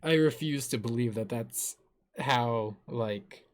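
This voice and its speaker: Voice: medium pitch, slow. A live streamer chatting casually over a game, giggling often, mocking themself and cursing casually. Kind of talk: casual gameplay stream chat.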